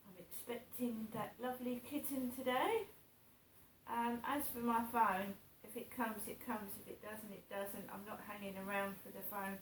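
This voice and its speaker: A woman's voice: a little high, steady tone, normal speed, a little hiss or hum. A middle-aged woman chatting casually in a morning vlog from her home, rambling and repeating herself. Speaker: vlogger. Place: home, indoors. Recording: roomy, distant mic.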